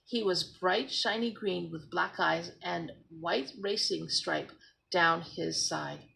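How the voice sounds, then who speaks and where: A woman's voice: on the low side, slow, creaky, sharp tone, low-quality recording. A woman expressively reading a children's book aloud as a storyteller. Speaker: storybook reader.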